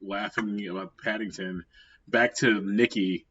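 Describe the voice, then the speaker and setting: A man's voice: lowish voice, fairly even intonation, a little slow, a bit bright, slightly rough. A man co-hosting a podcast, chatting casually in a laid-back, wry way. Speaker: podcast co-host. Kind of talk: casual chat. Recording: dull lo-fi sound.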